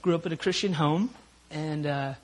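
A man's voice: a little high, normal speed. A man from Minnesota giving a personal testimony at a church prayer meeting, emotional and rambling, with many fillers. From Minnesota, USA.

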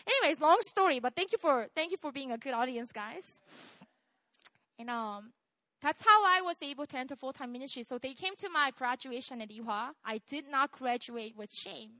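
A woman's voice: high-pitched, animated, moderate pace, bright, forceful tone, no room sound. A young woman preaching a sermon in an earnest, exhorting way, often checking in with her listeners. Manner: earnest and exhorting, with frequent "right?" asides.

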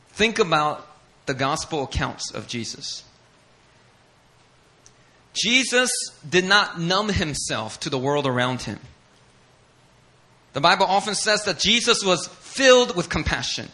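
A man's voice: a little high, sharp tone. A male pastor preaching a sermon in an emphatic, passionate way, repeating key lines and building intensity.

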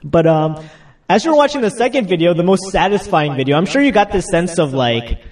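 A man's voice: high voice, expressive, a little fast, darkish tone, recorded from a distance. A young man giving a casual sermon, chatty, laughing as he acts out stories, just getting over a cold. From United States. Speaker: pastor.

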